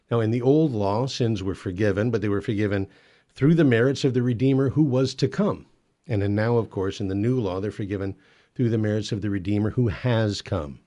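A man's voice: fairly low pitch, dark tone. A middle-aged man hosting a Catholic talk show in a studio, a little out of breath, teaching earnestly with many fillers. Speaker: Catholic radio show host. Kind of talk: faith talk show monologue. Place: broadcast studio.

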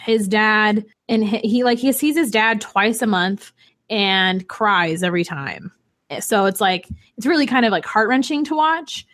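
A young woman and single mother chatting casually as a podcast co-host, telling animated stories. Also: mid-range voice, unhurried. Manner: chatty, animated storyteller with laughs. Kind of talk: casual chat.

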